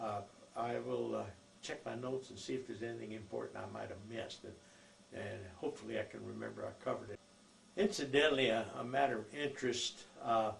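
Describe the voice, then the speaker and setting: A man's voice: medium pitch, vocal fry. An older man telling family stories from his life in a rambling, folksy way, full of fillers. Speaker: oral history narrator. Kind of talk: recorded life-story reminiscence. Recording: echoey room with faint noise.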